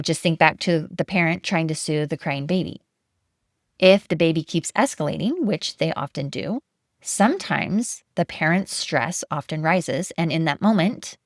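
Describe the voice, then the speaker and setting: Woman podcast host, low voice, dry close sound, gentle and soothing delivery. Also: dry recording. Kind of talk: calm reflective monologue.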